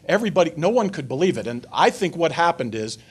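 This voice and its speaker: An older man giving a public talk at a foreign affairs forum, telling an anecdote in an animated way and taking audience questions. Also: on the high side, fast, husky. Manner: animated storyteller, voices characters in his anecdote. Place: lecture room before an audience.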